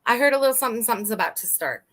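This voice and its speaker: Woman streamer, casual commentary, slightly high and bright, laughs and curses a lot. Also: lively intonation, racing. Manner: chatty, laughs often, swears freely, talks to chat. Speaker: live-stream host.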